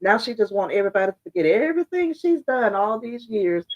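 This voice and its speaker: Hoarse, blunt woman commentator, lo-fi sound. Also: medium pitch, sing-song, quick pace. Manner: blunt, fired-up, talks straight to viewers. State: hoarse and congested. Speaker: social media commentator. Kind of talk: casual opinion commentary.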